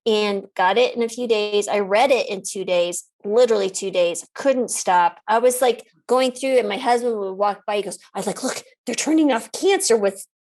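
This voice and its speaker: A middle-aged woman physician, a guest on an interview, telling a story in a lively, casual way. She laughs often and acts out the lines of the people in the story. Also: mid-range voice, moderate pace, few pauses.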